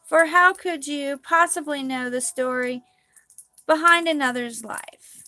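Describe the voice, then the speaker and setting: A woman's voice: sits high, unhurried, bright, forceful tone. A woman reading spiritual cards on a live stream in a gushing, dreamy way she calls quirky. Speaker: spiritual card reader.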